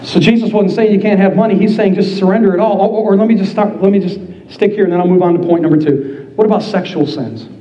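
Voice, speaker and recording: A pastor delivering a fervent sermon, acting out the scripture with rising passion. His voice sits high, with a slightly dull, lo-fi tone. The echo of a roomy church sanctuary surrounds him. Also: fast, mellow. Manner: impassioned preaching, voicing the scripture dramatically.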